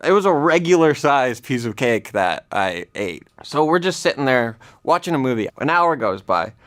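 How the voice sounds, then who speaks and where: Man, excitable comic storyteller, voice shoots up high at the panicked moments. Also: normal speed.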